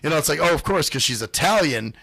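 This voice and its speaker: A man's voice: a little high, animated, fast talker, vocal fry, a bit bright, slightly rough, dry recording. A man hosting a radio show, telling profane stories in casual chat and mimicking the people in them. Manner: profane storytelling, mimics other people's voices.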